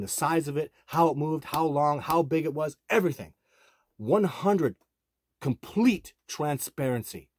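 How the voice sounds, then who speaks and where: A middle-aged man with a husky, slightly breathy voice speaks straight to his viewers. He keeps pressing the same points in a rambling, self-assured monologue. The sound is close and dry, with no room around it. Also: medium pitch, no room sound. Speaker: bigfoot researcher and channel host.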